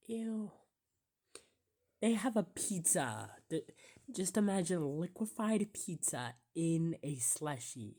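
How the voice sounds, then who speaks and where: A woman with a lowish, lively voice comments on a movie she keeps pausing. She speaks slowly, reacting with groans of disgust and frequent whispered asides. The tone is casual and chatty. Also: husky. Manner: disgusted exclamations, often drops to a whisper. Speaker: YouTuber reacting to a film.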